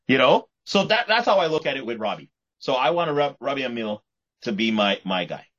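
In a casual podcast chat, the male co-host rambles at a measured pace, restarting and repeating words as he goes. His mid-range voice is a bit bright and swings widely in pitch. The recording is muffled lo-fi podcast audio.

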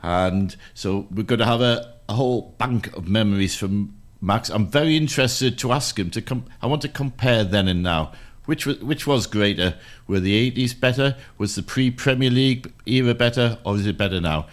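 A man's voice: lowish voice, normal speed. A man hosting a radio football show, chatty and teasing, now and then stumbling over words.

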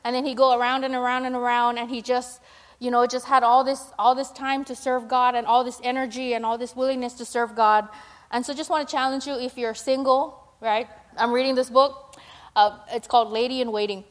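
High-pitched young woman, informal sermon, chatty and self-mocking. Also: level tone, a little fast. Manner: chatty, full of fillers and "right?"; acts out her own prayers in a higher, louder voice. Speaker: speaker at a church gathering.

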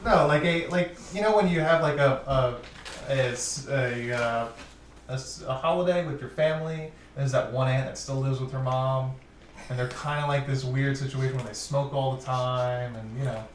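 A man's voice: mid-range voice, normal speed. A man banters as a player in a tabletop game, rambling and restarting as he jokes. He sits back from the mic, and the room rings with echo. There is faint background noise. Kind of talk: casual tabletop play. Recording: echoey room, slightly distant mic.

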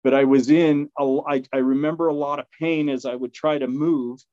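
A man's voice: fairly even intonation, brisk, dark tone, dry recording. A man telling a story in a casual, rambling way, with fillers, restarts and frequent laughs. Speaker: podcast guest. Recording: dull, dry low-fidelity sound.

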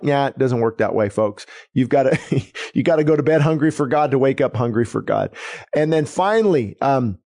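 A middle-aged man preaching a sermon in an earnest, emphatic way, repeating key phrases and slowing down for emphasis. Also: medium pitch, animated, mellow. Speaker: pastor.

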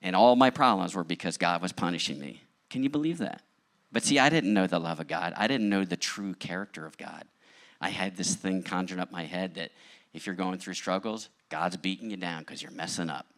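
Man, pastor, sermon, very low voice, plain spoken testimony. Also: a little fast, fairly bright tone. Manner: candid, conversational storytelling.

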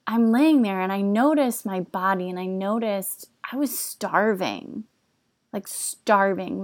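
Slow, candid young woman talking. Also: mid-range voice, dry recording. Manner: candid, confessional, speaks with frequent "like" fillers. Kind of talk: personal reflective talk.

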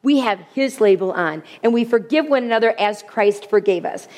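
A woman preaching a sermon with humor, animated, often repeating her key phrases. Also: on the high side, moderate pace. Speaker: women's speaker. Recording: long hall reverb.

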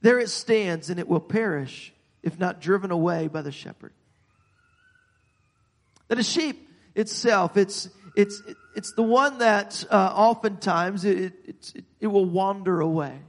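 A man preaching a sermon, halting and repeating words, growing emphatic as he goes. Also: sits high, long reverb tail.

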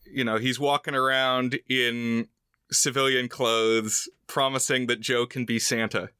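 A man co-hosting a movie podcast, recapping the plot in a relaxed way with joking asides. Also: mid-range voice, unhurried, smooth, no room sound, studio quality. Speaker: podcast co-host. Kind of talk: casual movie discussion.

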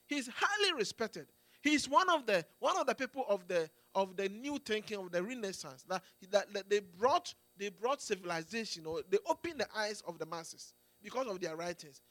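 A man with a high-sitting, expressive voice and a sharp tone preaches at a moderate pace in a clean recording with no echo. His sermon is emphatic, full of restarted phrases, "Amen"s, and check-ins like "Do you get it?" aimed at the congregation.

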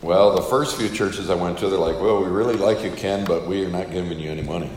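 A man's voice: deep voice, quick pace, darkish tone, roomy sound, big-room sound, slight background noise. An older man who is a missionary, casually telling a story to an audience and acting out the dialogue. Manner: casual, chatty, acts out quoted dialogue.

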